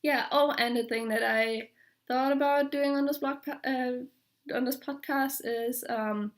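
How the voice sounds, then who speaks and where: A young woman from Germany with a German accent, chatting casually on her podcast, pausing often with fillers and small laughs. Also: high-pitched, fairly even intonation. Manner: hesitant, full of fillers, light laughs. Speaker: podcast host. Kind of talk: casual video podcast chat.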